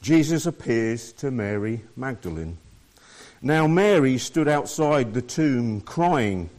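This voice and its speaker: A man's voice: medium pitch, expressive, takes it slowly, darkish tone. A man preaching a sermon, reading scripture aloud and explaining it to his listeners.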